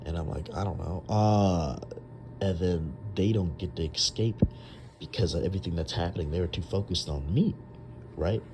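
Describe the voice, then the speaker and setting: A man's voice: deep voice, normal speed, a little mellow, slight background noise. A young man casually retelling a long dream, rambling with lots of fillers and restarts. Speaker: storyteller.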